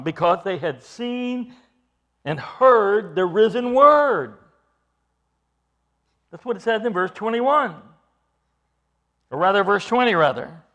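Male preacher, high voice, sweeping and lively intonation, emphatic expository sermon. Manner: emphatic, explains scripture verse by verse.

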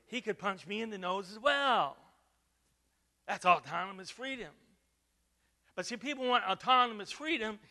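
A man preaching a sermon as pastor, stressing key words slowly and swinging from quiet to loud. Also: high-pitched. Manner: preaching with emphatic slow stresses and big swings in loudness.

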